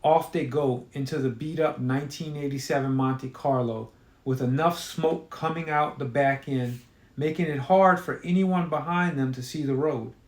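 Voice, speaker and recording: A man's voice: medium pitch, fairly even intonation, moderate pace. A man reading his own horror story aloud in a casual storytelling manner, with occasional fillers. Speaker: author. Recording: roomy echo.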